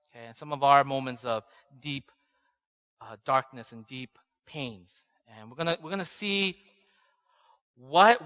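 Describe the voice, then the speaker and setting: Bright-voiced pastor in a reverberant hall. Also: male voice, on the high side. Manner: chatty storytelling, often asks "right?". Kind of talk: conversational sermon. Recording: long reverb in a church hall.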